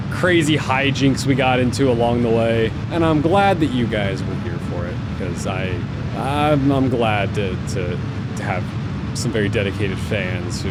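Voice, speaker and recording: Playing on camera, a young man on YouTube narrates his game with excitable let's-play chatter aimed at both himself and his audience. His medium-pitched voice frequently stumbles, and he keeps restarting his sentences.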